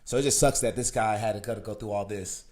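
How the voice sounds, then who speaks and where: A young man chatting casually about sports on a podcast, animated and acting out his own past thoughts in quoted voices. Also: lowish voice, fast. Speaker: podcast co-host. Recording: roomy echo.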